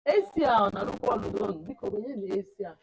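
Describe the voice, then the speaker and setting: A woman teaching a class of children, animated and repeating words for emphasis. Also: medium pitch, quick pace, vocal fry, low-quality recording. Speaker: camp teacher.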